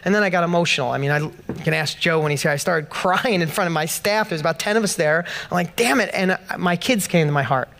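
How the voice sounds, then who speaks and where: A man on stage at an event, delivering a motivational speech with a notably high voice. He tells a personal story with passion, climbing in pitch and force as he hammers home each point. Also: fast, vocal fry, a bit bright. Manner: passionate personal storytelling, rising to emphatic peaks. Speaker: motivational speaker. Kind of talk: motivational speech to a live audience.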